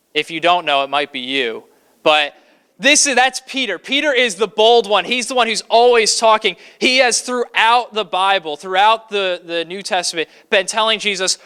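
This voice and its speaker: Male pastor from Kentucky, chatty sermon delivery, smooth resonant tone, slightly high voice. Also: bright, forceful tone. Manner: conversational, with frequent fillers; acts out scripture quotes dramatically.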